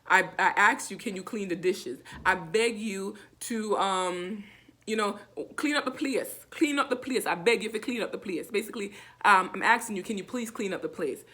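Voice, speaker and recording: Jamaican woman teaching words slowly. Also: medium pitch, pushed and bright. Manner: repeats words slowly, many fillers. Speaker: language teacher vlogger. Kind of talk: casual language lesson.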